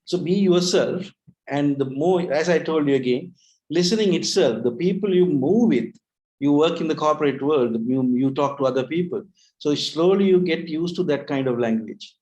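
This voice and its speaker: Man, fairly high voice, relaxed explainer on language learning, chatty with many restarts. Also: normal speed, poor audio. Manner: chatty, restarts often, rhetorical tag questions. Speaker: webinar co-host, English trainer. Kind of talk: casual educational talk.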